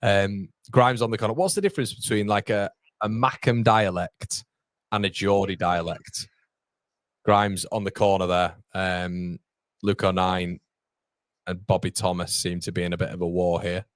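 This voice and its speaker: A man's voice: deep voice, fairly even intonation, moderate pace, dry recording. A young man hosting a live football watchalong, commenting on the match and reading viewer comments aloud with frequent laughs. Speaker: watchalong host.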